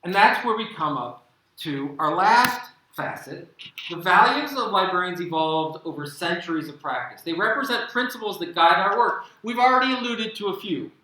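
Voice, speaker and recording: An American man giving an animated conference keynote talk, with emphatic delivery and sarcastic asides. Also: high voice, moderate pace, very echoey, slight background noise, low-quality recording. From United States. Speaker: keynote speaker. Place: conference hall.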